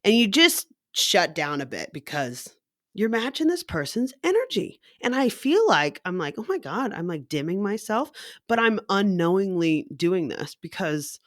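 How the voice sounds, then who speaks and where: A young woman talking casually in a vlog, animated and slangy, swearing freely and laughing as she jumps into high voices to mimic people. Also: unhurried, no room sound, clean studio sound. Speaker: vlogger.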